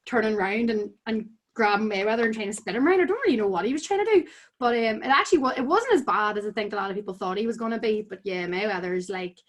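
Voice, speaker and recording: A woman's voice: mid-range voice, lively intonation, fast. A young woman with a Northern Irish accent, chatting casually as a podcast guest, full of "like" fillers. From Tyrone, Northern Ireland. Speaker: podcast guest, amateur boxer. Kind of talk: casual chat.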